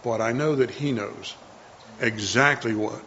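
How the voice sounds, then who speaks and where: A man's voice: medium pitch, a little slow, pushed and bright, dull audio, a little hiss or hum. A man preaching a sermon to a congregation in an earnest, conversational way, often repeating himself.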